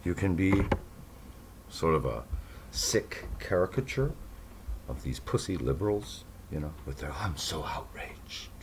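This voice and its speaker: Low-voiced man, sarcastic, lively pitch. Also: vocal fry, a little hiss or hum. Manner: sarcastic, rambling, with mocking asides. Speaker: podcast host. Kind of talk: casual monologue to listeners.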